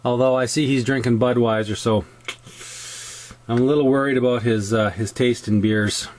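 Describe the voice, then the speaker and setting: A man's voice: mid-range voice, fairly even intonation, moderate pace, a little mellow, slight background noise. Canadian guy rambling through a model kit tutorial, chatty, lots of ums, regular mid voice. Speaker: scale model builder. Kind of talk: casual hobby tutorial.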